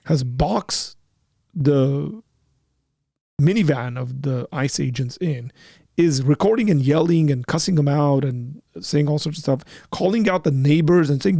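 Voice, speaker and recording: Gravel-voiced man, emphatic live talk. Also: a little high, expressive, unhurried, darkish tone, no room sound, studio quality. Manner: conversational and emphatic, rising sharply when heated; acts out both sides of remembered dialogue. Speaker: host of a call-in apologetics panel. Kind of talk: live call-in discussion, personal anecdote.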